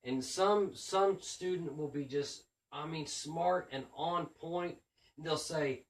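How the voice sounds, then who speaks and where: A slightly high-voiced man takes his time telling casual stories about his visits to schools as a children's book author. Animated, he acts out the way he addresses kids in class, and a distant mic lends the recording a roomy sound.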